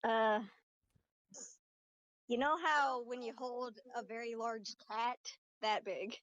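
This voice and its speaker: A woman with a fairly high voice chatting casually during a tabletop game, describing characters in detail. The recording is dry and close. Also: slow pace, a bit bright, no room sound, dull audio. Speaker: player.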